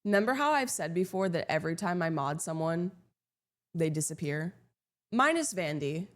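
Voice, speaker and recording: A young woman live streaming, chatting casually with her viewers in a sarcastic, deadpan, teasing way. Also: fairly low pitch, normal speed.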